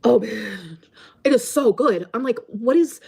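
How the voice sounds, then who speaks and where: A woman's voice: a little high, expressive, a little slow, vocal fry, mellow, breathy edge. A woman vlogger chatting casually to her viewers, rambling and chatty, with many fillers.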